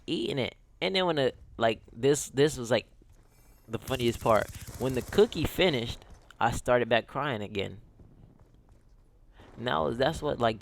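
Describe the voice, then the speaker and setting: A man's voice: mid-range voice, gravelly, slight background noise. A young man telling a casual storytime on his gaming channel, rambling and slangy with lots of "like" and "yo".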